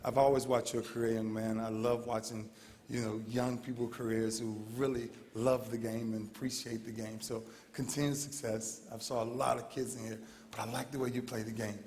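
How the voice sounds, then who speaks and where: A man's voice: mid-range voice, flat delivery, moderate pace, darkish tone, a little hiss or hum. A man in his thirties giving an emotional, heartfelt banquet speech, repeating his phrases with earnest feeling. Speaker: award speaker. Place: large banquet hall. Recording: long hall reverb.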